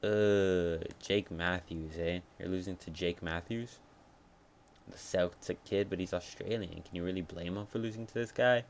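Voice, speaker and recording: Young guy rambling thru his fight picks, kinda low voice, swears a lot, changes his mind mid-thought. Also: fairly even intonation, normal speed, a little hiss or hum. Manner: rambling, profane, thinks aloud and changes picks. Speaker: MMA fight picks commentator. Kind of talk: casual fight-prediction breakdown.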